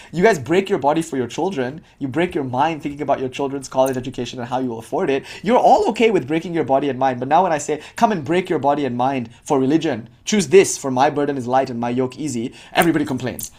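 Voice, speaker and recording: A man's voice: fairly high pitch, a little mellow. A man giving an informal spiritual talk to his students, speaking casually with lots of "like" and laughing often. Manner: casual, heavy with filler "like", frequent laughter. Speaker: spiritual teacher.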